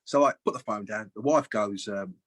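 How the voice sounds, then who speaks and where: Husky older man telling a story. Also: lowish voice, normal speed. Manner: lively, acts out other people's lines with big jumps in voice; colloquial, chatty. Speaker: guest, former footballer. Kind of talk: anecdotal storytelling.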